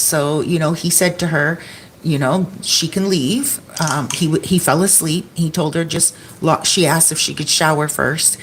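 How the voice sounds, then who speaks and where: Woman, casual vlog, chatty storyteller, quite low voice, faint hum in the room. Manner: chatty, quotes others with "he's like". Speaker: Airbnb host and vlogger. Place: her home, indoors.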